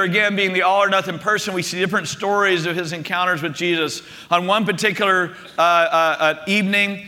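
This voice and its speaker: A man preaching a sermon to a congregation, telling the stories in an animated way and often restarting with repeated words. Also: sits high. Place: room with a gathered congregation. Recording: long reverb of a large hall.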